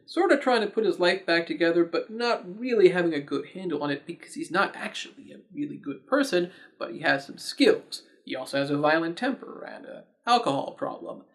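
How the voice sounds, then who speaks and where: A man with a fairly high voice hosts his own movie review show. He talks casually and chattily, dropping wry, sarcastic asides as he goes. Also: animated, brisk. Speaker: movie reviewer, host of the channel.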